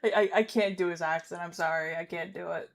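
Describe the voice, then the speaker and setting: A woman's voice: lowish voice, fairly even intonation, brisk, creaky. A woman hosting a casual reaction livestream, rambling and correcting herself, laughing easily. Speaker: streamer host.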